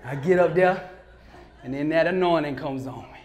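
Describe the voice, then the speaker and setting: A man speaking as a motivational speaker, telling a story live in a lively, slangy way, often laughing and acting out what others said. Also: fairly high pitch, normal speed.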